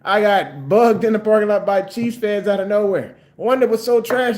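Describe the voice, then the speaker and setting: A man's voice: high-pitched, moderate pace, hardly any pauses, a little mellow. An older man, a sports vlogger, ranting in frustration about his team's loss and trash-talking like a heated fan. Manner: frustrated, fired-up trash talk.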